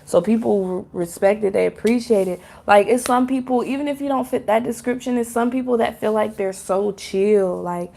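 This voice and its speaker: A woman's voice: medium pitch, fairly even intonation, moderate pace, creaky, hardly any pauses, mellow. A woman giving a casual pick-a-card tarot reading, talking loosely and chattily to her viewers, with lots of fillers, laughs and swearing. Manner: talks straight to viewers as "y'all".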